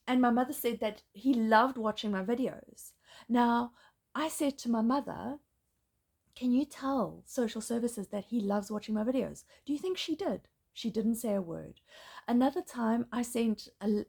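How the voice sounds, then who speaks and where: A woman speaking in a distressed, halting personal monologue, pleading and breaking off mid-sentence. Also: on the high side, vocal fry. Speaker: mother in a custody dispute.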